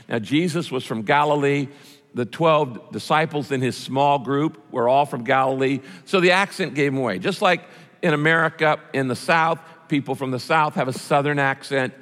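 A pastor with a fairly high, fairly bright voice preaches to his congregation at a moderate pace. He speaks conversationally and puts questions to his listeners, and the church recording sounds like a reverberant hall.

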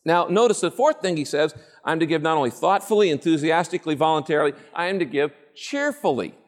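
A man preaching a sermon as pastor, emphatic and animated, with playful asides to the congregation. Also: on the high side, fast talker, in a large hall.

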